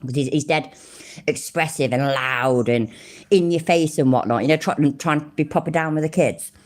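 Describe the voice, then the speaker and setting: A woman's voice: low voice, moderate pace. A woman in her forties, chatting bluntly and swearing as she reacts to clips. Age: 40s. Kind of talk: casual reaction chat.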